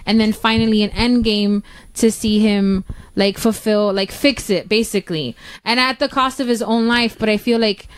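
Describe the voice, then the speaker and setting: Woman guest, loose and rambling, mid-pitched, slight background hiss. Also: steady tone, moderate pace. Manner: rambling, many fillers, swears casually. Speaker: podcast guest. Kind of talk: casual chat.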